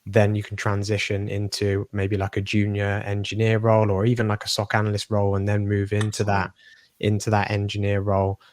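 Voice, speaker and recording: A man hosting a podcast, talking in a relaxed way and often repeating words as he finds his phrasing. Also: fairly low pitch, brisk, a little hiss or hum. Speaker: podcast host. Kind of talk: casual podcast conversation.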